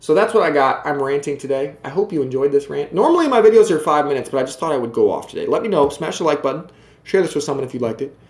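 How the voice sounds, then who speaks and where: A man's voice: fairly high pitch, expressive, fast, roomy sound. Emphatic ranting male video host. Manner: emphatic, repetitive, talks to viewers directly.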